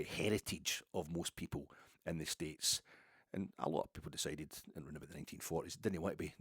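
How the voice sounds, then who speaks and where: Scottish guy with a deep voice, rambly chat, lots of restarts, dry close sound. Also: husky, no echo. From Ayrshire, Scotland. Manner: rambling, digressive storytelling with many restarts. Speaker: football podcaster. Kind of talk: casual monologue.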